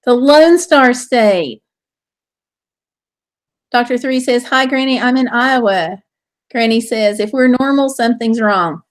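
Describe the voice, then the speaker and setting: A woman's voice: on the high side, a little slow, pauses often. A woman hosting a casual live stream, chatting in a bubbly way and reading viewer comments aloud. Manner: bubbly and chatty, with exclamations and laughter.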